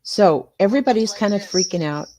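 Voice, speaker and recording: An older woman, chatting casually as a live-stream host. She reads out viewer comments and mutters to herself while fumbling with her streaming software. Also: medium pitch, expressive, a little fast. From United States. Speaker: livestream host.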